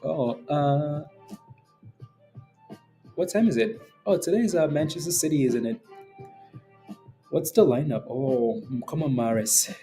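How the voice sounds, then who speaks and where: A man's voice: on the high side, a little slow, pauses often, mellow, faint music behind. A man hosting a live day trading stream, chatting casually, joking and laughing often as he reads out viewer comments. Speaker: day trading livestream host. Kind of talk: casual livestream chat.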